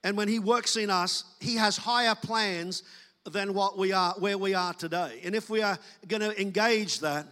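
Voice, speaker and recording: A man's voice: sits high, moderate pace, pushed and bright, in a large hall. A man preaching a sermon as pastor, talking to the congregation in a loose, conversational way and acting out quoted voices.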